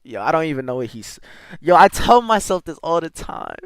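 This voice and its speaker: A man's voice: on the high side, sing-song, fairly quick, clear, resonant tone, no room sound. A man streaming live, chatting casually with his viewers and playfully sounding out foreign words. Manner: talks to chat with slangy asides.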